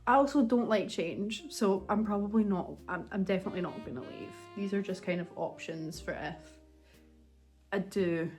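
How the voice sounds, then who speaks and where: A woman's voice: mid-range voice, normal speed, a little mellow, faint music behind. A young woman chatting casually at home for her vlog, rambling and self-mocking as she laughs her way through a story. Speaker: vlogger.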